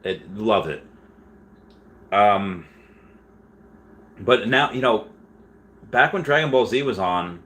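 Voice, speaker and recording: A man in his thirties hosts a casual livestream, rambling through questions from chat with lots of restarts and fillers. His voice is fairly low and a bit bright, and he's animated yet slow, with long pauses.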